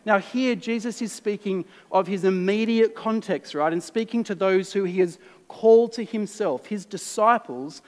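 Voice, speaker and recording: Earnest Australian preacher in a reverberant hall. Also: male voice, high-pitched, moderate pace. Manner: conversational, earnest, shifts between lively and hushed. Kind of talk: sermon. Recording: long reverb in a large hall.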